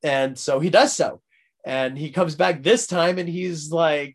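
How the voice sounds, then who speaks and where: Brief: young male podcast host, rambling and laughing, unhurried, slightly high. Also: steady tone, husky. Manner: rambling, laughing, many fillers. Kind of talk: casual chat.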